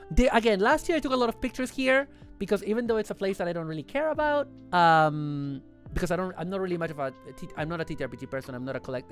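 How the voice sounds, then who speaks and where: A livestream host chatting casually over photos in a rambling, excitable way, often correcting themselves mid-sentence. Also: medium pitch, clean tone.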